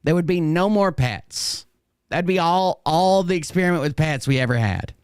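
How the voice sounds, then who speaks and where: A man's voice: on the high side, animated, normal speed, darkish tone, smooth, no room sound, clean studio sound. A man streaming and commenting on clips, blunt and sarcastic and swearing freely, his voice a bit strained. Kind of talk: casual profane commentary.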